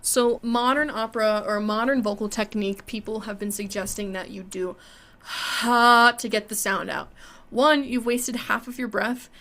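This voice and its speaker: A woman's voice: mid-range voice, fairly even intonation, moderate pace, fairly bright tone. A young woman teaching an online singing lesson, explaining technique and demonstrating exercises between explanations.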